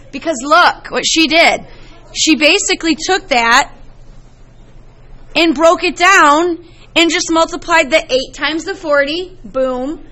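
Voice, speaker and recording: Middle-aged woman math teacher, bright tone, lively storytelling to a class. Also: high voice. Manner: lively, chatty storytelling to students.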